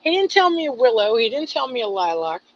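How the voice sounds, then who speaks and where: A middle-aged woman poet who reads her poem aloud, then tells the story behind it in an expressive way, laughing at herself. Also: fairly high pitch, quick pace, a little hiss or hum. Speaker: poet and co-host. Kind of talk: poetry reading and casual chat. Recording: slightly dull lo-fi online radio audio.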